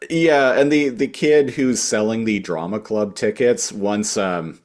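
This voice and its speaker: A man's voice: fairly low pitch, unhurried. A man co-hosting a podcast in casual chat, talking loosely with lots of "like". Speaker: podcast co-host.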